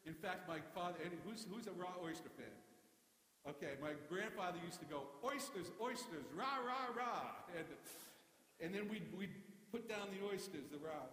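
A man's voice: high voice, brisk, a bit bright. A man giving a sermon as pastor, telling humorous stories in a conversational way. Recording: echoey hall.

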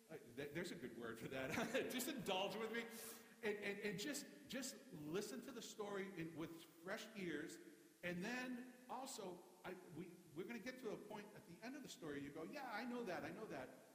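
A man's voice: high-pitched, fairly bright tone, a little hiss or hum. A man giving a sermon as pastor, telling humorous stories in a conversational way. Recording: echoey hall.

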